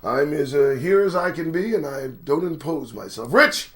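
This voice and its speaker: A man's voice: on the high side, animated, normal speed, fairly bright tone. A middle-aged man hosting a live-stream commentary show, rambling and profane, greeting chat viewers by name. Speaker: host.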